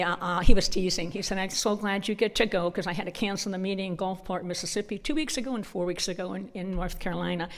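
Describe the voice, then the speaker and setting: A middle-aged woman speaking at a church conference, telling humorous stories and acting out the voices in her dialogue. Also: medium pitch. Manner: animated storyteller acting out dialogue. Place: church hall. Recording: long hall reverb.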